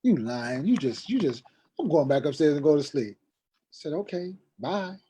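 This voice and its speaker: Middle-aged male guest, mid-pitched, story-driven delivery, acts out voices, spikes high when agitated. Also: very animated, moderate pace, warm tone, husky. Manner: acts out quoted dialogue, voice rising sharply when agitated. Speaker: guest telling a personal story. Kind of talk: animated storytelling.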